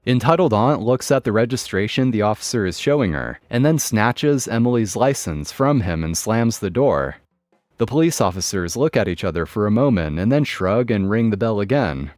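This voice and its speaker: A man narrating a forum story aloud in an expressive storytelling way. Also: on the low side, moderate pace, dry recording, studio quality, faint music behind.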